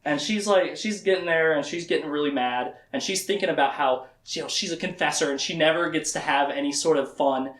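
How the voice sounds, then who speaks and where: A man's voice: on the high side, fairly quick, hardly any pauses, a bit bright, roomy sound. A man casually recapping a fantasy novel for a podcast, rambling, laughing and quoting the characters. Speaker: podcast host. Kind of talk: casual book discussion.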